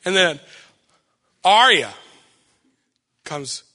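A young man giving a sermon with personal stories, loud and animated, self-deprecating and acting out what people say. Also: high voice, very slow, big-room sound. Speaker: preacher.

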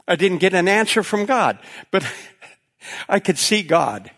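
Folksy, animated male preacher. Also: high-pitched, unhurried. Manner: folksy, animated, laughs often. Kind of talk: storytelling sermon.

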